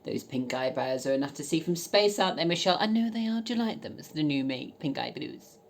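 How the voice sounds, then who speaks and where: A woman chatting casually as a vlogger, cheeky and bawdy, swearing freely and bursting into loud laughs. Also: deep voice, animated, quick pace, a little hiss or hum. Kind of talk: casual chat reading dating messages aloud.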